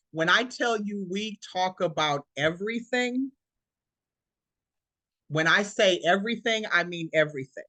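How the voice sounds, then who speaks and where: A woman's voice: fairly low pitch, a bit bright, no echo. Emphatic preacherly woman around sixty. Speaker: presenter. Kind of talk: motivational talk.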